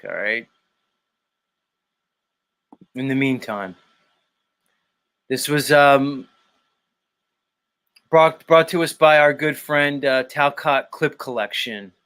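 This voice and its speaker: A man's voice: mid-range voice, fairly bright tone. A man hosting a morning livestream in casual chat, reading out the chat, laughing a lot and swearing. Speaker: livestream host.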